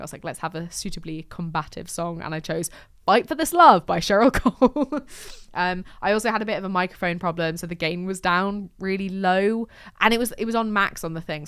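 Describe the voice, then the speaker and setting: A woman's voice: lowish voice, smooth, no room sound, studio quality. A woman in her twenties hosting a casual diary podcast, chatty and self-deprecating, with frequent laughs and sweary asides. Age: 20s. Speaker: podcast host. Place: lives in Glasgow.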